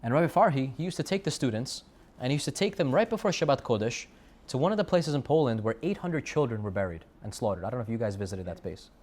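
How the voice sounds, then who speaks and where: A man's voice: medium pitch, animated, fast, a little mellow. Man preaching a storytelling sermon. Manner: storytelling with repeated phrases and Hebrew terms. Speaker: rabbi giving a Torah talk. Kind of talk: sermon to students.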